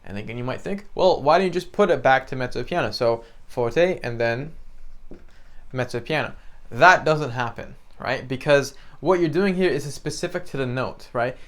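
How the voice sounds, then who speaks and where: A man's voice: mid-range voice, normal speed, fairly bright tone. A young man teaching a beginner piano lesson in a casual, chatty way, often checking in with the listener and singing out the examples. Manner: chatty, explains with many "right?" and "you know", sings examples.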